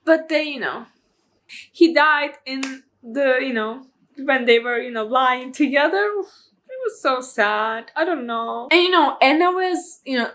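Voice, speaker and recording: A woman's voice: high voice, measured pace, a bit bright. A woman giving a casual, emotional movie review in a vlog, chatting freely and filling her talk with "you know" and "like".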